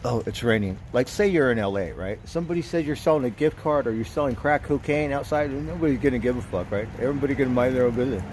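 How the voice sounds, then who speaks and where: Man with an average-pitched voice for a casual outdoor stream, animated and profane, light street noise behind. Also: quick pace, hardly any pauses. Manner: profane, chuckling, animated retelling. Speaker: livestreamer. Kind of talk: casual storytelling.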